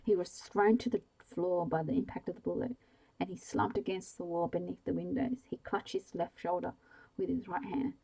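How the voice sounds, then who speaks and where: Soft-spoken lady reading a bedtime story, mellow dark voice, drifts into whispers. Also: on the low side, moderate pace, gravelly, slight background noise, poor audio.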